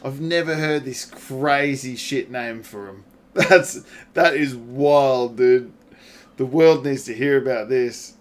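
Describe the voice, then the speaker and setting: Male game streamer, casual and profane, laughs a lot, slow easy delivery. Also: mid-range voice. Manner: swears freely, laughs often, talks back to chat. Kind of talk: casual gaming livestream chat.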